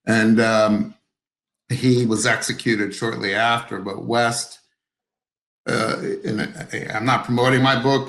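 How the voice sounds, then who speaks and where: A man, an author guest on a video-call interview, speaks hesitantly, full of fillers and restarts. His voice sits on the low side with a fairly bright tone. The recording is rough and reverberant.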